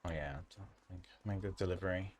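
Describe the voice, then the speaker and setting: A man's voice: low-pitched, fairly quick. A man hosting a gaming channel, talking casually and joking as he plays a fantasy game. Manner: relaxed, joking asides while playing. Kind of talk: casual gameplay commentary.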